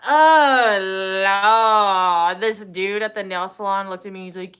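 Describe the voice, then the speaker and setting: A woman co-hosting a casual chat, animated and swearing as she retells stories. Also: mid-range voice, moderate pace, smooth. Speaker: co-host.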